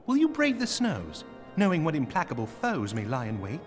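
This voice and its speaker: A man's voice: a little high, huge pitch swings, moderate pace, soft background music. An actor playing a gracious, stately older nobleman in a video game, speaking in formal, archaic courtly phrasing. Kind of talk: video game cutscene voice acting.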